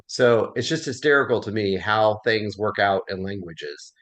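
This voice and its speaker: A man's voice: on the low side, normal speed, a bit bright. Chatty man leading a Bible class. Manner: chatty, storytelling, encouraging. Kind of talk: casual class discussion.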